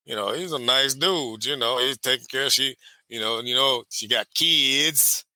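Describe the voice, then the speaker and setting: A man tells a story in a casual chat, acting out every quoted voice. His voice is very bright and forward, and it sits close and dry with no room sound. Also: mid-range voice, moderate pace, no echo. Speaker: podcast co-host.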